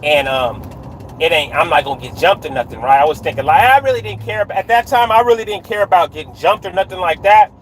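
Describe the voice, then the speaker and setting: A man livestreams from inside his car on a dark road at night, telling a story in street slang, tagging lines with "right?" and greeting viewers mid-story. His voice is on the high side, fast and lively, in a low-quality recording with a little hiss or hum.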